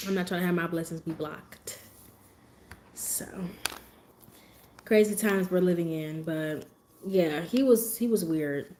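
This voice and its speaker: A woman livestreamer telling stories in a sassy, animated way and laughing often as she talks. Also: fairly low pitch, measured pace, long pauses, slight background noise. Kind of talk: casual livestream storytelling.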